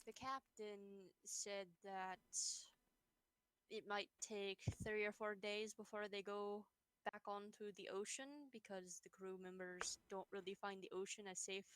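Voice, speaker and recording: Woman, tabletop game player, mid-pitched voice, hesitant, thinks aloud, dry close sound. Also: steady tone, slow, fairly bright tone, smooth, no room sound, low-quality recording. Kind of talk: casual tabletop role-play chat.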